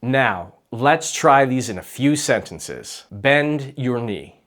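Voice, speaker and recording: Slow, patient man teaching Spanish vowels. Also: mid-range voice, animated, a bit bright. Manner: patient, clear, lightly joking. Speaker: Spanish teacher for physical therapists. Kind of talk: instructional lesson with repeat-after-me drills.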